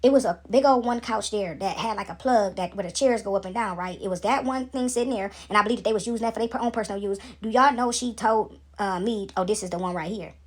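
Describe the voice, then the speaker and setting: A woman's voice: mid-range voice, fast, hardly any pauses. A young woman telling a story to her viewers in a casual, chatty way, tagging her sentences with "right?" and "y'all", shaken up by what she is describing. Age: young adult. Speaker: vlogger.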